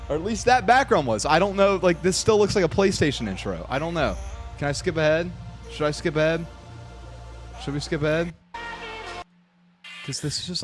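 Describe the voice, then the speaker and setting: A man streaming from home, reacting live in a rambling, profane way and repeating himself when worked up. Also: on the high side.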